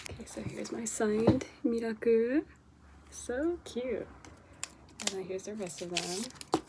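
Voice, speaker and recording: A young woman casually chatting through an unboxing, excitable and chatty, gasping and swearing at cute finds. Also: medium pitch, creaky. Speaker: vlogger unboxing K-pop merchandise. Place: bedroom with posters. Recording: home recording with audible background noise.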